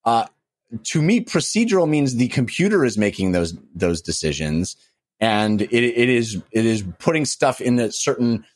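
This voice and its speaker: A man's voice: mid-range voice, moderate pace. A man co-hosting a gaming podcast, talking casually and restarting and rephrasing as he works through his thoughts. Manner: animated, restarts and stacks qualifiers. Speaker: podcast co-host. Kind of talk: casual chat.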